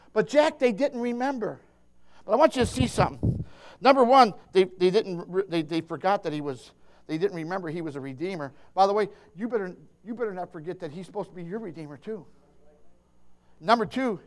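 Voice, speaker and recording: A man preaching a fervent sermon, emphatic and impassioned, stammering into restarts and calling out to his listeners. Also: sits high. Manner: impassioned, emphatic, swings between hushed and shouting, calls out to listeners.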